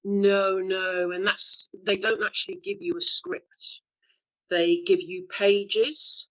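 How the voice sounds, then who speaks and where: A middle-aged woman telling stories as an interview guest, acting out the quotes with lively shifts of voice and frequent laughs. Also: mid-range voice, slow, rough recording. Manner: lively storyteller, acts out quotes, laughs often. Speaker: actor being interviewed. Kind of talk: anecdotal interview chat.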